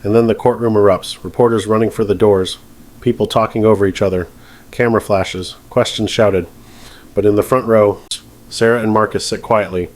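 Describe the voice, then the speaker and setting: A male narrator telling a dramatized story in a steady, dramatic delivery. His voice sits low. The narration is scripted and even-paced. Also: moderate pace.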